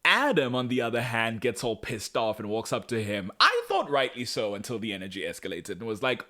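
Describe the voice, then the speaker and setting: A man co-hosting a podcast, recapping a TV episode in casual chat and acting out the characters' lines in quick voices. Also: mid-range voice, very animated, bright, forceful tone. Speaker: podcast co-host.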